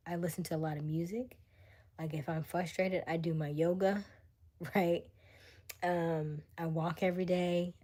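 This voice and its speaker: This is a young woman hosting a casual live stream into a phone or webcam, talking easily with her viewers. Her voice sits a touch low, and she laughs often. She slips into breathy, whispery asides between her chattier lines. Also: darkish tone. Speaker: livestream host.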